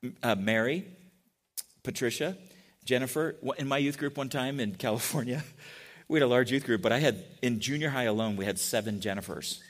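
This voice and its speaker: A middle-aged man preaching a sermon in a relaxed, conversational way, often asking the congregation questions. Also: medium pitch, fairly quick. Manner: chatty, asks the congregation questions. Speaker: pastor.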